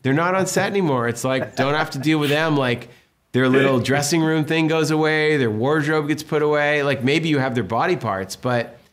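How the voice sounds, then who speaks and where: An animated storyteller, this Massachusetts film director in his fifties acts out what people said while telling stories in a casual interview. His voice is a little high, and he keeps a moderate pace.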